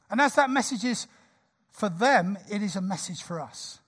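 Bright, high-voiced man in his sixties preaching. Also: unhurried, long pauses, breathy edge. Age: 60s. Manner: lively, jokey, conversational. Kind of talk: sermon.

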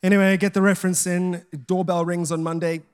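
Guy preaching w a really high voice, jokey storytelling, acts out the convos. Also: quick pace, smooth. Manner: animated storytelling, acting out quoted dialogue; jokey and self-mocking. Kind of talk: sermon.

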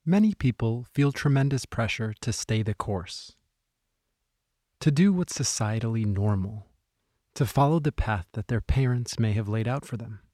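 A male podcast host giving a measured, polished scripted narration. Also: mid-range voice, animated, dark tone, no echo, clean studio sound.

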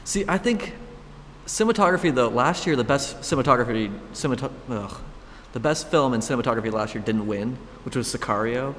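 A man's voice: mid-range voice, lively intonation, a little fast, a bit bright, in a large hall, slight background noise. A man chatting casually as a podcast co-host, opinionated and making dry quips. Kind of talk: casual chat about the Oscars.

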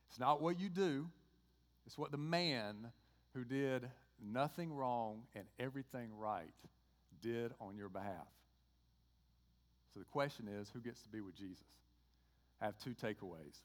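A man's voice: mid-range voice, normal speed. A man with a Georgia accent preaching a sermon in a conversational way, acting out bits of dialogue. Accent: Southern US, Georgia. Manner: conversational preaching, acts out dialogue with lively voices. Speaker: pastor. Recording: long hall reverb.

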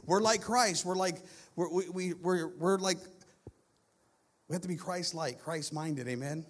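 A male guest pastor preaching a sermon with repeated, building phrases, moving between loud urgent passages and hushed low ones. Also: unhurried.

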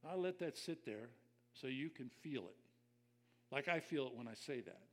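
A man's voice: medium pitch, animated, moderate pace. An older man preaching a conversational sermon as a pastor, reflective and personal, speaking straight to his listeners.

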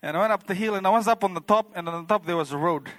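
A man's voice: high voice, very fast, a bit bright, no room sound. A man telling a personal testimony to a church congregation, rambling and heartfelt, with many fillers like "you know" and "like". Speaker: church member giving a testimony.

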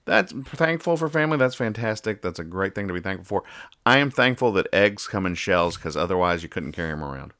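Low-voiced guy hosting a comics podcast, bright tone, dry close sound, rambly and jokey. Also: lively intonation, brisk, no echo. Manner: rambling, jokey, stumbles and restarts. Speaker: podcast host. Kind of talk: casual comic-reading chat.

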